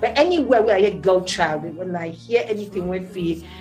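A middle-aged woman from Nigeria with a Nigerian Pidgin accent speaks as a studio guest on a radio show. She tells her story in an animated way, and her voice leaps higher whenever she stresses a point. Faint music plays softly under her voice. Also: brisk. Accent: Nigerian Pidgin English.

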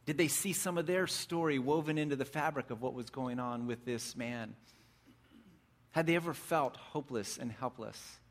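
A man preaching a sermon, retelling a story vividly, swinging between excited bursts and hushed, reflective passages. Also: medium pitch, moderate pace.

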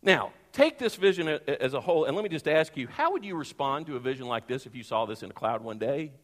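A man's voice: medium pitch, lively intonation, quick pace. A man preaching a sermon in a conversational, emphatic way, asking the congregation questions. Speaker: pastor. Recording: long reverb of a large hall.

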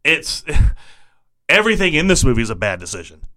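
A man's voice: medium pitch, very animated, a little fast, pushed and bright, slight background noise. A man co-hosting a podcast in casual chat, amused and laughing often. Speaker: podcast co-host.

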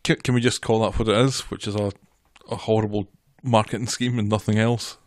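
A man's voice: lowish voice, level tone, brisk, no echo. A man co-hosting a casual podcast chat, dry and bemused as he reacts. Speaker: podcast co-host.

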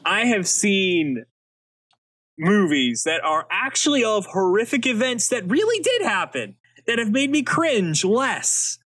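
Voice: medium pitch, breathy edge, dry recording. Chatty film podcast host, voice jumps all over, laughs a lot, dry close mic. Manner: animated and expressive, quick to laugh. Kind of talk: casual film discussion and script reading.

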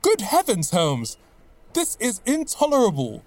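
A man reading an audiobook, voicing an excitable, loyal middle-aged companion who exclaims emphatically. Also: fairly high pitch, moderate pace. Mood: alarmed.

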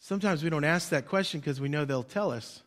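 A man preaching a sermon as pastor, swinging between loud emphasis and quiet drops, leading the congregation to repeat lines after him. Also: fairly high pitch, fairly quick. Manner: leads the congregation in call-and-response.

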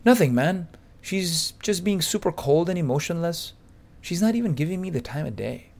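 A man voicing a timid young man, pleading and whiny, who turns to shouting. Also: on the high side, lively intonation, normal speed, vocal fry, pitched above the performer's own voice. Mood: sulky.

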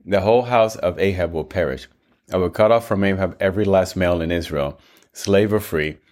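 A man's voice: low voice, a little fast, darkish tone, natural voice. A man voicing a young male prophet who delivers a grave, declaiming message. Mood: solemn.

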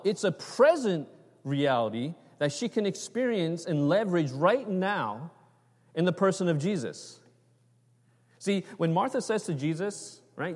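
A man giving a conversational sermon, often checking in with "right?" and "okay?". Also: fairly high pitch. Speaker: preacher. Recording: long reverb of a large hall.

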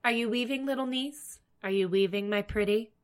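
A woman's voice: medium pitch, normal speed, fairly bright tone, lightly acted. A woman voicing a wicked old witch in a storybook reading, sly and sweetly menacing. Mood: sugary.

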